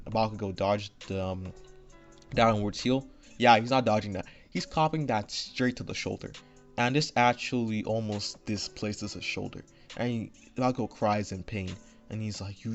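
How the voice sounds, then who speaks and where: A man's voice: lowish voice, highs cut off. A man casually retelling his own fan story unscripted, rambling with fillers and frequent "right?" asides, recorded on a home desk microphone. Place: home room.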